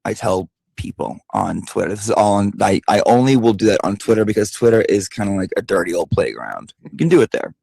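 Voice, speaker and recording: A man's voice: lowish voice, expressive, brisk, vocal fry, hardly any pauses, dark tone, husky, no echo. A man vlogging, telling a story in a casual, emphatic way with frequent swearing and asides. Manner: emphatic and profane, with lots of asides.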